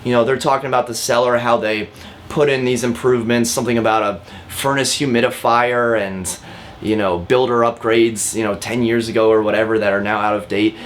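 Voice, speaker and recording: A man's voice: mid-range voice, fairly even intonation, fairly quick, a little hiss or hum. A man, a real estate agent, giving a casual lesson to camera, talking directly with frequent fillers and repeats. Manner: chatty and direct, often calls viewers guys.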